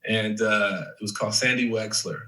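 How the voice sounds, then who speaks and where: This is a man in his thirties from Chicago, an actor chatting as a guest and spinning animated anecdotes. His voice sits low yet comes across forceful and bright. He is picked up from a little way off the mic. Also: moderate pace, recorded from a distance, poor audio. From Chicago, USA. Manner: animated storyteller, many fillers like "like" and "man". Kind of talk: casual interview chat.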